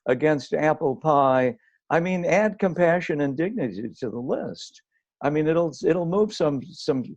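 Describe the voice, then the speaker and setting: A man's voice: medium pitch, a little mellow. Thoughtful man on a lo-fi video call. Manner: measured, hedging with many "I mean"s. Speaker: guest author. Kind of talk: conversational discussion.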